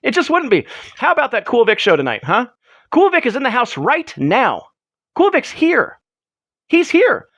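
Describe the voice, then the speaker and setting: A man's voice: extremely high pitch, huge pitch swings, moderate pace, fairly bright tone, dry recording, dull audio. A man hosting a casual livestream, greeting chatters and rambling through jokes. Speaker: streamer host.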